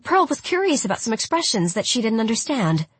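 A woman doing an innocent higher-voiced young woman. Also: big pitch swings, fairly quick, husky, no room sound. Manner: innocent, exclaiming.

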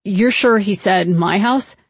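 Woman doing a skeptical teenage girl, blunt, flat, husky voice, dry sound, audiobook. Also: mid-range voice, slow, no room sound.

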